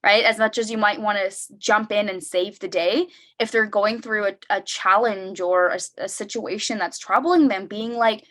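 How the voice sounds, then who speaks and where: A young woman presents a parenting workshop over a video call in a relaxed, conversational way and keeps checking in with her listeners. Her voice sits in a middle range, and she brightens it whenever she acts out what a parent might say. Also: medium pitch, moderate pace, few pauses. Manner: conversational, tags sentences with "right?". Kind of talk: online parenting workshop talk.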